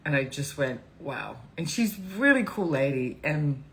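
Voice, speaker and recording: A woman's voice: sits low, sing-song, moderate pace, slight background noise, low-quality recording. A woman hosting a live stream, talking in a rambling, candid and emotional way, teary and laughing often. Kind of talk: casual live-stream talk.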